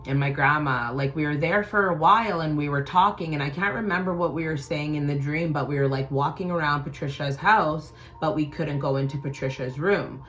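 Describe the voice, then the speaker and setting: This time the spiritual-channel host's low voice moves a little fast with few pauses, over slight background noise. She retells a personal story casually and with animation, performing each quoted voice.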